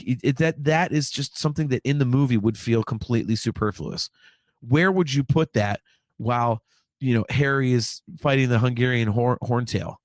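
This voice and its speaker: A man's voice: medium pitch, darkish tone, dry recording, studio quality. Rambling, swearing podcast co-host man. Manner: rambling, repeats words, swears casually. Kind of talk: casual chat.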